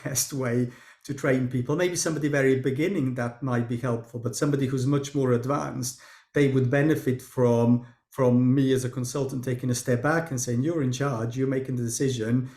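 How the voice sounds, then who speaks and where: A man's voice: medium pitch, steady tone, a little fast, a little mellow. Male host and consultant, thoughtful asker, echoey room sound. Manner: thoughtful, brief backchannels. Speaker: interviewer, consultant doctor. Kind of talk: conversational interview. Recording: roomy echo.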